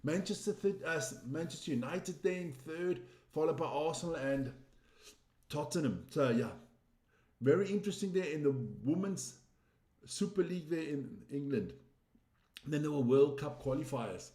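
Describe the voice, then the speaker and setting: Man, sports news host, casual results roundup, teasing, opinionated, slightly high voice, echoey room. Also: moderate pace, mellow. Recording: roomy echo.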